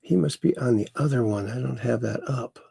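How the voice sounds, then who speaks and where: Gravelly, folksy man hosting a livestream. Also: mid-range voice, a little fast, mellow, dry recording, clean studio sound. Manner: rambling, folksy, repeats himself. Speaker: livestream host. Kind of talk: casual livestream chat, reading viewer comments.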